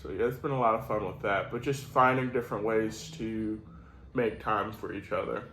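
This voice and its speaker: A man's voice: on the low side, steady tone, moderate pace, pushed and bright, roomy sound, a little hiss or hum, poor audio. A man co-hosting a casual chat, talking in an easygoing, rambling way. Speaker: co-host.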